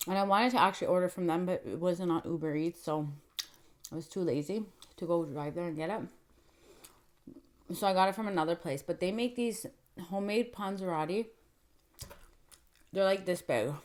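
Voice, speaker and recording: A young woman chats to her viewers at home, her voice sitting a little low. She rambles through a story in a casual, filler-heavy way and acts out the quotes as she goes. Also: normal speed, pauses often, a little mellow. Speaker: mukbang vlogger.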